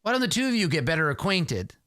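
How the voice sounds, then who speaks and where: A man's voice: fairly high pitch, very animated, quick pace, sharp tone, no room sound, studio quality. A man voicing a young female adventurer who makes blunt threats with a spear. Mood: threatening. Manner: snarling, threatening.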